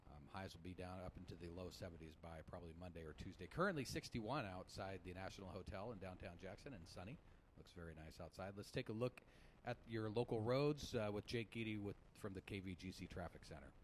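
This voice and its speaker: A man hosting a live local radio show, chatty and relaxed, sometimes stumbling over his words. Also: deep voice, fast talker, a little hiss or hum. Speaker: radio host. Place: hotel lobby broadcast.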